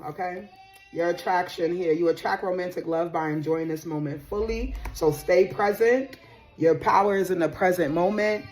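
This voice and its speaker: A young adult woman, doing a casual tarot reading in a sassy, animated way and swearing casually. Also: low voice. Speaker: tarot reader.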